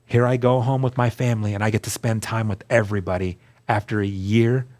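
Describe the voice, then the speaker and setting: A man telling his story as a guest, earnest and animated, acting out the dialogue he quotes. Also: on the low side, a little fast, a little hiss or hum. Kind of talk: storytelling testimony.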